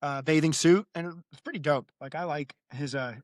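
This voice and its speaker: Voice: medium pitch, moderate pace, no room sound, studio quality. A podcast co-host in casual chat, talking in a chatty, joking way and slipping into voices when retelling anecdotes.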